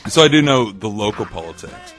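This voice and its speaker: A man's voice: lowish voice, expressive, fairly quick, a bit bright. A man from Canada, a guest on a casual podcast, talking hesitantly with many restarts and sounding tired.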